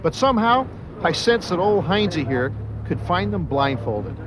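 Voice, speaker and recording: A man's voice: sits high, very animated, measured pace, noisy background. A man narrating a fishing documentary in a scripted, suspense-building way. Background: background music.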